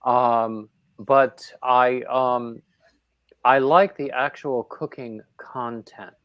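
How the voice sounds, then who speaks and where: Slow, rambling man hosting a livestream. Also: mid-range voice, fairly even intonation, no echo, highs cut off. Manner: rambling, with many fillers and restarts. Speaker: livestream host. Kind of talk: casual chat on a livestream.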